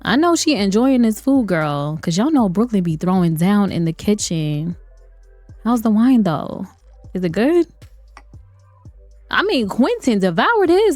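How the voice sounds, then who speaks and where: A woman's voice: mid-range voice, very animated, unhurried, a little mellow, no echo. A woman giving chatty let's-play commentary on a life-sim game, laughing often and talking to her viewers. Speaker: gaming video creator. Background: faint game music.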